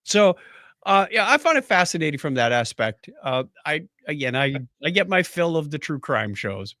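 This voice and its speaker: Animated, bright-voiced podcast host. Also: male voice, a little high, normal speed, dry recording, studio quality. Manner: rambling storyteller, animated, laughs often. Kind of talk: casual chat.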